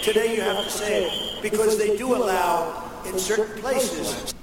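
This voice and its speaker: High-voiced man speaking in an echoey far-off hall. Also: normal speed, background noise. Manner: rambling storytelling, acting out quoted voices. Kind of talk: political speech.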